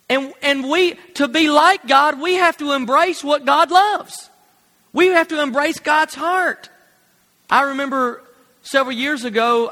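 A man preaching a sermon, telling a personal story in an animated way and laughing at his own jokes. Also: high voice, long reverb tail.

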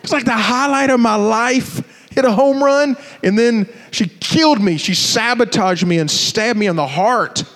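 High-voiced preacher in a reverberant hall. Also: male voice, a little slow, hardly any pauses. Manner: animated, joking storyteller addressing a crowd. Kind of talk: sermon with personal stories.

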